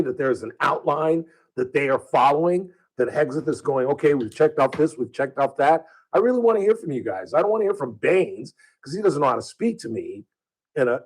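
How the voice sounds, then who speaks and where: A man's voice: fairly high pitch, creaky, slightly rough, poor audio. A male talk radio host speaking from a studio, delivering a combative opinion monologue full of rhetorical questions. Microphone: studio microphone.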